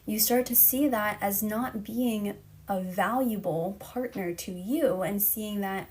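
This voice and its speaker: Woman, relationship coach, earnest, encouraging, slightly breathless, mid pitch, live-stream talk. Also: takes it slowly, a little mellow. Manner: earnest, encouraging, speaks directly to the listener.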